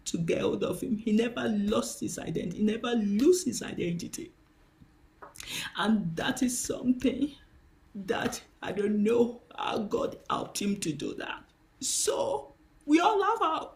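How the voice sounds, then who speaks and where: High-voiced woman preaching slowly, impassioned. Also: animated, gravelly. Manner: impassioned, emphatic repetition. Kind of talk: spiritual teaching monologue.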